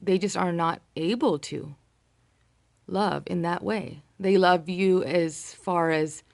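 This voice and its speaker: Low gravelly woman, earnest talk. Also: darkish tone, dry recording. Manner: earnest, reflective, halting with fillers. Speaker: vlogger sharing personal experience. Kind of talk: casual talk to camera.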